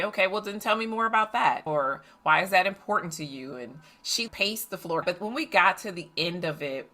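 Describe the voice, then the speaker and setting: A middle-aged woman coach telling a family story in a lively, animated way, acting out the voices of the people in it. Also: fairly low pitch. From United States. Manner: animated, acts out family dialogue. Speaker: coach and facilitator. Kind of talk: storytelling podcast monologue.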